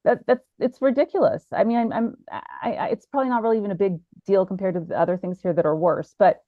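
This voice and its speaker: A woman's voice: mid-range voice, fairly even intonation, fast, no room sound. A woman speaking as a podcast guest in casual discussion, indignant and asking rhetorical questions. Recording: tinny phone-like line.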